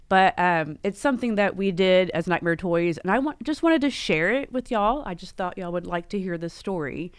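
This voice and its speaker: A woman's voice: medium pitch, clean tone, no echo. Chatty woman hosting a live stream. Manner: chatty, rambling with many fillers and self-corrections. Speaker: livestream host. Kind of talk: casual live-stream chat. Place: home in Las Vegas.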